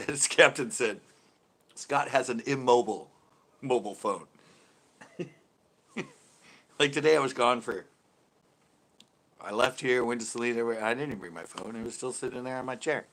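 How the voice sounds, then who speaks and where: Sex: man. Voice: bright, laughing live-stream host. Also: mid-range voice, lively intonation, normal speed, pauses often. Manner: chatty, laughs often between remarks. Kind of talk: casual live-stream chat with viewers. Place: at home.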